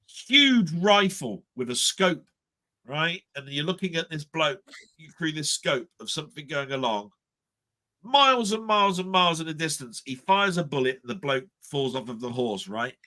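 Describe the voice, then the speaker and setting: Bright-voiced chatty man. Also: on the high side, normal speed, dry recording. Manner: animated storyteller, acts out his own reactions. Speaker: co-host. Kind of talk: casual chat.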